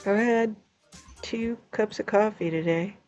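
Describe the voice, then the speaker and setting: A woman co-hosting a casual live stream, relaxed and chatty with frequent laughter. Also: mid-range voice, a little slow, faint music behind. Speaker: co-host.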